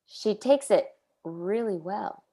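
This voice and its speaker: A woman's voice: mid-range voice, expressive, takes it slowly, mellow, husky. A woman co-hosting a podcast in casual chat, telling a story unhurriedly and acting out the quotes. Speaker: podcast co-host. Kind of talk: casual chat recapping a sitcom.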